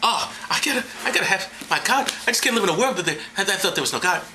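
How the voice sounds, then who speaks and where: Guy doing a mock whiny believer, clingy and pious, kinda high. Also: lively intonation, racing, noisy background. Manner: mocking, pleading.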